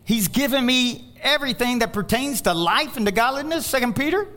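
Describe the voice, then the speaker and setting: A man with a high voice delivers a sermon as the pastor. He tells stories full of quoted dialogue, and his delivery grows animated as he climbs to near-shouts on his main points. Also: fairly quick.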